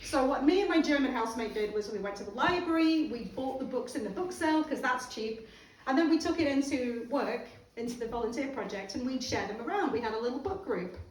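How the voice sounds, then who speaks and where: High-voiced British woman telling comic stories. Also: brisk. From England. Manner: laughing at her own jokes, animated impressions. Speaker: stand-up comedian. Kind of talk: comedic storytelling. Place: comedy club stage. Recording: roomy live club from far off.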